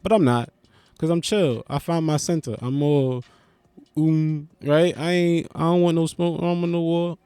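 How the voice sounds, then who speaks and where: A man hosting a podcast, riffing in a loose, profane, animated comic monologue. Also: a little high, moderate pace, smooth, no echo. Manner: loose, animated, profane, swings into loud bursts. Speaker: podcast host. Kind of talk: casual comedic monologue.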